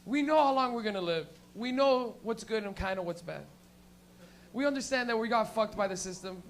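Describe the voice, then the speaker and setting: A young man from Canada works a club crowd with a profane stand-up set. His voice sits very high for a man, and he keeps jumping into quick voices for stoned friends and cops. The delivery is loose and conversational. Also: slight background noise. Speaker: stand-up comedian. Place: comedy club.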